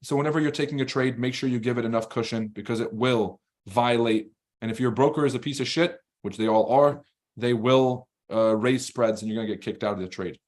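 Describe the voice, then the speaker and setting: Blunt, profane male trading streamer. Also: medium pitch. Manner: fast, rambling and animated when ranting. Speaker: livestream trading host. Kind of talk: casual live-stream commentary reading chat.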